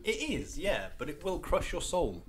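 A man's voice: a little high, big pitch swings, normal speed, a loud crowd. A man co-hosting a podcast in casual, sweary, rambling chat. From Britain. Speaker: podcast co-host.

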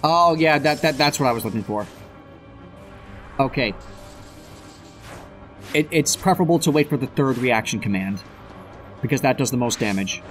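A man commentating a video game casually, excitable, swearing and tripping over his words. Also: mid-range voice, moderate pace, long pauses. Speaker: let's play commentator. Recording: background game music.

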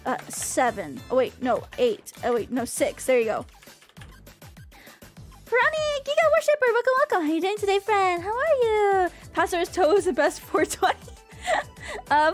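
A young woman streamer chatting casually with her viewers in a bubbly, rambling way and swearing now and then. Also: high-pitched. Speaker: VTuber streamer. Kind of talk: casual livestream chat with viewers.

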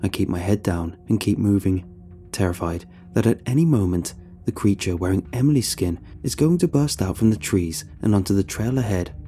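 A man narrating a scripted horror story in a steady, suspenseful manner. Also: lowish voice, normal speed. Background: faint background music.

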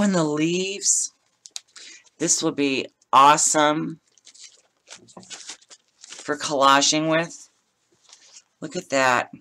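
A woman's voice: low-pitched, a bit bright. A middle-aged woman chatting casually as she opens craft mail at home, gushing and laughing often. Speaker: craft vlogger opening mail. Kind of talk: casual unboxing chat.

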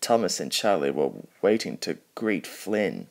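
Slow, careful male storybook reader. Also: low-pitched, animated, vocal fry. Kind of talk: storybook narration.

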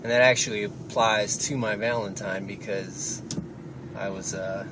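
Young male vlogger, rambling, profane talk from a moving car, clear road noise under the phone mic. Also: on the low side, fairly even intonation, unhurried. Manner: rambling, swearing, offhand. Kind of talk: casual rambling vlog. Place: inside a car, driving. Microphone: phone camera held while driving. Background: engine and road noise.

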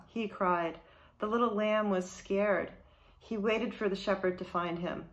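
Slow-reading children's ministry teacher, woman. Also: medium pitch, lively intonation. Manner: slow, clear read-aloud. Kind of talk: reading a Bible storybook aloud to children.

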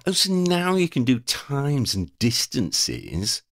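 A man doing a panicky high-voiced young boy. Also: huge pitch swings, takes it slowly, gravelly, dry recording, studio quality, exaggerated voice. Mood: grumbling. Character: frightened excitable young boy.

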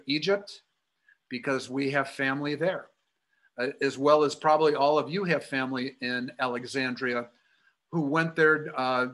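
A man's voice: mid-range voice, a bit bright. Storytelling man with a Chicago accent. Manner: anecdotal, acts out quoted voices. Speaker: guest speaker and author. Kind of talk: storytelling library talk.

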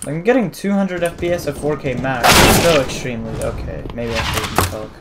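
A woman gamer giving casual commentary while playing, muttering in frustration with quick outbursts. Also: a bass voice, very noisy. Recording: loud game gunfire over voice. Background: gunfire and shots from the game.

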